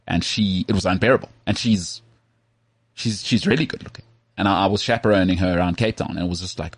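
Podcast co-host from South Africa, male, low husky voice, animated storyteller. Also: fast talker, dry recording. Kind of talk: casual chat. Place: Cape Town.

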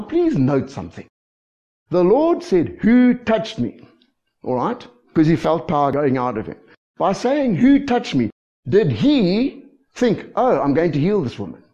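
A man preaching a lively sermon as pastor, often checking in with the congregation. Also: a little high. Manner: lively preaching with frequent call-and-response asides. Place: church. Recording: dull lo-fi church recording.

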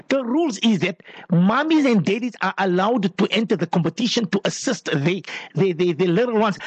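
Animated high-voiced male radio host. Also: breathy edge, no room sound. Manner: animated, playful and affectionate, with lots of repetition. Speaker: radio quiz show host. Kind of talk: live call-in radio show.

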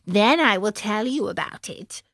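A woman voicing a kind, fat little female dormouse who speaks softly and sadly. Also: mid-range voice, animated, a little slow, vocal fry, no room sound, studio quality, heavily acted. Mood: sorrowful.

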